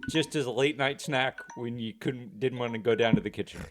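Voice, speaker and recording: A man co-hosting a podcast, giving joking, absurd quick-fire answers. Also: mid-range voice, soft background music. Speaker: podcast co-host. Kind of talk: casual chat.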